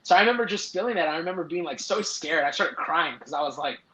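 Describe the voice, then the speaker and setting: A man's voice: a little high, animated, fast, bright, forceful tone. Young man rambling in an echoey room. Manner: rambling, many "like" fillers and restarts. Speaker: podcast guest. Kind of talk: casual storytelling. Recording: echoey, dull lo-fi sound.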